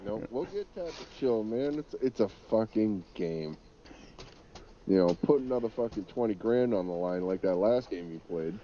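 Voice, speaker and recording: A man's voice: on the low side, lively intonation, normal speed, highs cut off, slight background noise. A man joking and laughing with teammates during an online game, swearing as he calls out the action. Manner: joking, laughs often, profane, calls out plays. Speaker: gamer on a co-stream. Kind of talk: casual game chat with teammates.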